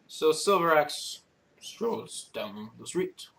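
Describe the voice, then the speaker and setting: A man narrating as game master in a tabletop game, halting often with fillers. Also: on the high side, very animated, sharp tone.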